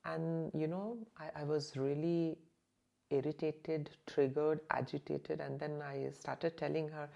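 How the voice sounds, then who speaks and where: A woman's voice: sits low, flat delivery, measured pace, gravelly, dark tone, highs cut off. A woman hosting her channel, recounting a personal experience in emotional first-person storytelling, hesitant with many fillers and sometimes dropping to a near-whisper. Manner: hesitant, many "you know" fillers, drops to near-whisper at intense moments.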